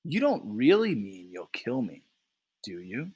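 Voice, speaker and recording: A man reading a play aloud, voicing a calm and quietly firm male juror. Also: on the low side, exaggerated voice. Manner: calm, measured.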